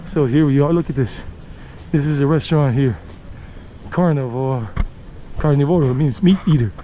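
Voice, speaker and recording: A man's voice: medium pitch, moderate pace. A man from the United States giving a casual walking-tour narration outdoors, chatty and rambling, often repeating himself. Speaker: tour guide vlogger. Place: city street outdoors, walking. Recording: outdoor street recording with traffic noise. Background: city traffic and street ambience.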